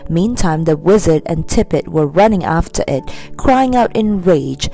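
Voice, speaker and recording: A woman narrating a children's storybook in an expressive, animated reading. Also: on the low side, measured pace, soft background music. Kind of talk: scripted narration.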